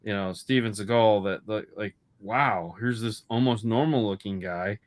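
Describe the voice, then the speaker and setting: A man's voice: fairly low pitch, moderate pace. A man co-hosting a casual movie chat, rambling and swearing with lots of restarts. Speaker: podcast co-host.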